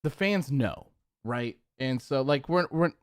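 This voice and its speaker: A man's voice: medium pitch, slow pace, dry recording, clean studio sound. A young man hosting a live wrestling post-show, reading chat comments and reacting casually, acting out crowd reactions. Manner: animated, acts out crowd reactions.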